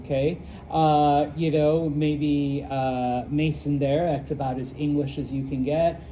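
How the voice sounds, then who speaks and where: Casting: middle-aged American man, chatty classroom teacher, slightly high, mellow tone. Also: flat delivery, slow, slight background noise, poor audio. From United States. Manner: chatty, rambling, full of fillers and check-ins. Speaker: Spanish teacher. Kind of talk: casual classroom lesson.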